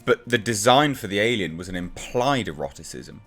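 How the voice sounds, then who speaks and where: A man delivers a casual review with sarcastic exasperation. His voice sits fairly low but leaps up and down with lively swings. Faint music plays underneath. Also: normal speed, slightly rough. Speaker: comic book reviewer.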